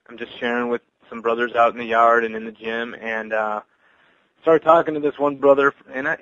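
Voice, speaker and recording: A man giving an earnest, halting personal testimony as a Christian evangelist, full of restarts. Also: mid-range voice, pushed and bright, dry recording, highs cut off.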